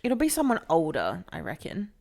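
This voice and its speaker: A woman's voice: lowish voice, moderate pace, creaky. A woman co-hosting a podcast, telling a story in casual chat, swearing freely and acting out the people in it. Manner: animated storyteller, swears freely, acts out quoted voices. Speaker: podcast co-host.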